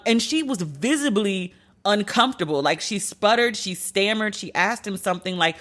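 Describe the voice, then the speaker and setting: A woman hosting a podcast, giving blunt, profane, animated commentary in a casual tone. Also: mid-range voice, a little slow. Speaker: podcast host.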